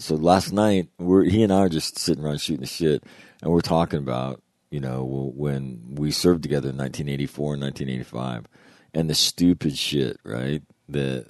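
Older ex-Marine man, very low dark voice, profane storyteller, dry close sound. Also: dry recording. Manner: profane, laughing, animated retelling. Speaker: former Marine. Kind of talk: casual storytelling.

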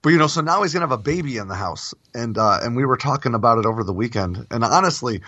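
A man's voice: mid-range voice, lively intonation, quick pace, bright, forceful tone, no room sound, muffled recording. A man in his thirties in a casual chat, earnest and thinking aloud, with easy laughs. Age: 30s.

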